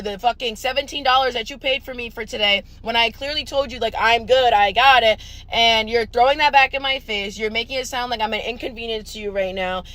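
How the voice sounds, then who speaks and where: A woman's voice: fairly high pitch, a bit bright, poor audio. A young woman telling a storytime to camera, blunt and profane. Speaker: storytime vlogger. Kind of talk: casual storytime rant.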